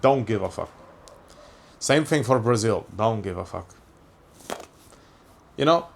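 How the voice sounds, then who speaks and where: A man's voice: on the low side, animated, takes it slowly, vocal fry, slight background noise. Swearing man musing aloud. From Portugal. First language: Portuguese. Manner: rambling, questioning, swears freely. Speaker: podcast host. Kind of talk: casual podcast monologue.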